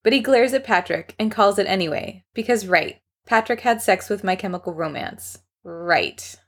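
A woman's voice: medium pitch, normal speed, a bit bright, slightly rough. A woman reading a fan story aloud in a wry narrating voice. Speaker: story reader.

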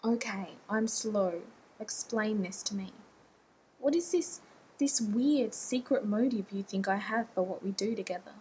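A woman's voice: mid-range voice, measured pace, darkish tone, a little hiss or hum, natural voice, low-quality recording. A woman reading an audiobook voices a tired, exasperated man who speaks bluntly. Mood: weary. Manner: weary, blunt.

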